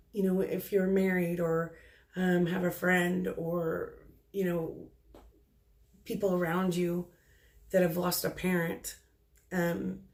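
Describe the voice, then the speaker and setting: Relaying messages from spirits, a middle-aged woman working as a psychic medium speaks quietly and haltingly, frequently pausing and restarting. Her voice is on the low side and gravelly.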